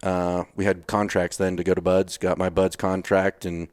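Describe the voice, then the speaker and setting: Delivered flat at normal speed, the low, darkish voice belongs to a retired Texas Navy SEAL guesting on a podcast. He tells casual stories bluntly, swears casually and reenacts what he used to say; the audio is studio quality with no room sound.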